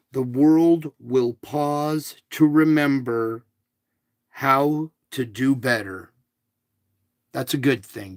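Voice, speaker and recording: A man hosting a casual spiritual show, talking in a slow, soothing, repetitive way to reassure his listeners. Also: medium pitch, dry recording, studio quality. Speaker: show host. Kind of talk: casual spiritual livestream talk.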